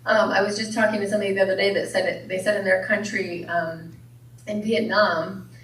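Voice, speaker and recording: A woman's voice: mid-range voice, flat delivery, fairly quick, a bit bright. A woman preaches to a church congregation in a light, joking way, often asking them questions. Her voice sits mid-range and carries the echo of a large hall. It is picked up from a distance, with faint room noise behind it. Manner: playful, asks the congregation questions. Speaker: minister. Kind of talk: sermon with jokes.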